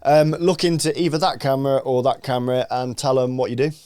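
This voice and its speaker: Sweary, joking podcast host. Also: male voice, medium pitch, quick pace, darkish tone, smooth, no echo. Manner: sweary, jokey, self-mocking. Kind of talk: casual chat.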